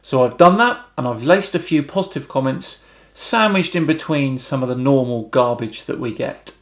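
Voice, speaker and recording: A British man hosting a YouTube channel, reading out viewer comments and answering them with wry, deadpan remarks. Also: medium pitch, normal speed. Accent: British English. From Britain.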